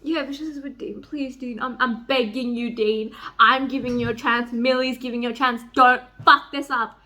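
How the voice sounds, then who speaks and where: A young woman vlogging at home about a book she is reading, reading passages aloud and reacting with excited squeals and swearing. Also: moderate pace. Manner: gushing and excitable, swings into high squeals and swearing. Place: home, near a microwave.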